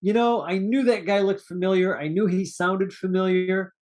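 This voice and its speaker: A man's voice: sits high, steady tone, normal speed, a little mellow. A man co-hosting a casual movie review podcast, rambling through cast names with restarts and chuckles. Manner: rambling, restarts, laughs at own jokes. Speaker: podcast co-host.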